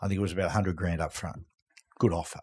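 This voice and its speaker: A man's voice: sits low, fast, slightly rough. A middle-aged Australian man telling a story casually as a podcast guest, acting out what other people said. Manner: animated yarn-spinner who acts out other people's lines. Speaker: guest, former rugby league player.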